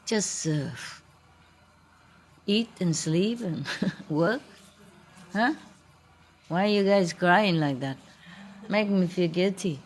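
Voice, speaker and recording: A woman's voice: lowish voice, slow, long pauses, a little hiss or hum. A woman, a spiritual teacher, talking casually with her audience in a playful, teasing way and laughing often. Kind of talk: informal talk with an audience.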